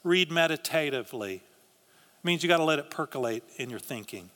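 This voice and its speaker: Within the long reverb of a large church hall, a pastor preaches a little fast with lively intonation. His bright, forceful voice is somewhat higher than most men's, and his sermon comes across as earnest and conversational, with frequent restarts.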